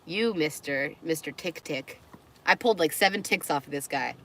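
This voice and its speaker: A woman's voice: low voice, animated, moderate pace, a bit bright, slight background noise. A woman live streaming, chatting casually and talking to her dogs, with squeamish outbursts.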